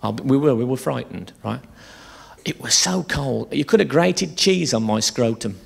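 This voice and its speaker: A man's voice: mid-range voice, expressive, normal speed, vocal fry, noisy background. A man doing a live stand-up routine on a theatre stage, telling bawdy, swear-laden stories in a chatty way. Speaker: stand-up comedian.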